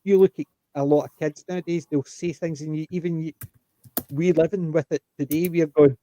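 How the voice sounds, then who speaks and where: A man explaining things in a rambling, animated way during a casual panel chat. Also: on the high side, brisk, poor audio.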